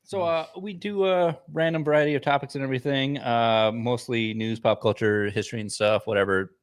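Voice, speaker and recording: A man's voice: medium pitch, steady tone, a little fast, smooth. A man co-hosting a casual podcast, talking in a laid-back, dry way. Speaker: podcast co-host. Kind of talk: casual chat.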